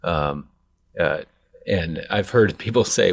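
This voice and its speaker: A man co-hosting a faith podcast, speaking in a thoughtful, measured way. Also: sits low, no echo, clean studio sound. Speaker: podcast co-host. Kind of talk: casual devotional discussion.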